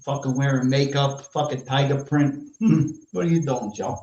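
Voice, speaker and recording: A man's voice: medium pitch, steady tone, moderate pace, darkish tone. A man with a New York accent ranting brashly and profanely as a podcast host in casual chat. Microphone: live stream mic. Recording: echoey lo-fi room sound.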